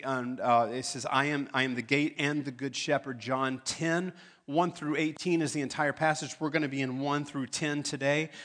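A man preaching a sermon in a church, talking in a relaxed way and making joking asides to the congregation. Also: fairly high pitch. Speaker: pastor. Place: church sanctuary.

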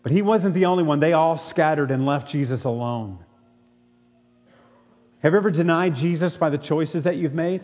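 Male pastor with a slightly high voice, preaching a sermon in an echoing hall and pressing listeners with questions. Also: brisk, a little mellow. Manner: reads scripture, then preaches with rhetorical questions.

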